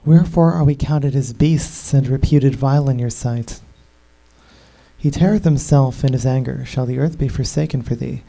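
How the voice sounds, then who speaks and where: This is a stern old male accuser from scripture, read aloud by a man. The voice is gravelly and very dark, with a solemn, weighty delivery. It sounds like a reading, not a performance. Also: medium pitch, moderate pace, voice pushed down, close to an everyday voice, rough recording. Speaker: scripture reader.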